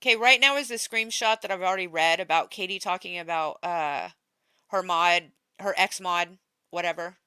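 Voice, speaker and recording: A woman hosting an online commentary show, speaking straight to her viewers with open exasperation. Her voice is bright and crisp, recorded close and dry with no room sound. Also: on the low side, normal speed, dry recording. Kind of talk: casual drama commentary.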